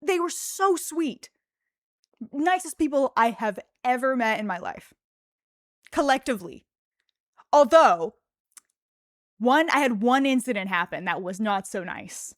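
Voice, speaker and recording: Female streamer, casual chatty storyteller, higher voice, dry close mic. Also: measured pace, long pauses, no room sound. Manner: animated storytelling, laughs often, fillers like "like". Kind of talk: casual livestream chat.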